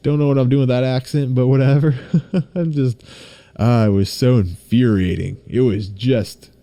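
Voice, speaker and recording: A young man hosting his own podcast, chatting casually and excitably, rambling and swearing freely. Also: mid-range voice, a little slow, no room sound. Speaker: podcast host. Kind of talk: casual solo podcast chat.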